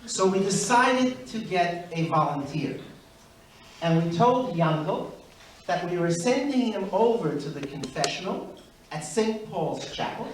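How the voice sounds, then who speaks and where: A middle-aged man from Brooklyn, telling stand-up stories at a measured pace and putting on voices for his characters. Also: high-pitched, lively intonation. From Brooklyn, USA. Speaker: stand-up comedian. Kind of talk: stand-up storytelling. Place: university event hall. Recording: very echoey hall, far mic.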